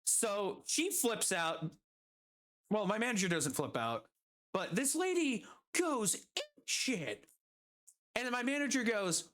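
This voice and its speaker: A woman's voice: medium pitch, very animated, slow pace, fairly bright tone. A woman streamer telling a story casually while gaming, exasperated and swearing constantly.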